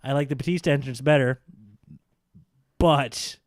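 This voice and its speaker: A man co-hosting a casual wrestling podcast, sarcastic and quick to act out mock quotes in silly voices. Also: medium pitch, fairly even intonation, no echo, studio quality. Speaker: podcast co-host.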